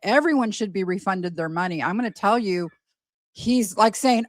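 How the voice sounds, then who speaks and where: A woman's voice: mid-range voice, unhurried, no echo. A woman hosting a casual gossip livestream, talking in a chatty, rambling way full of fillers. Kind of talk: casual live commentary.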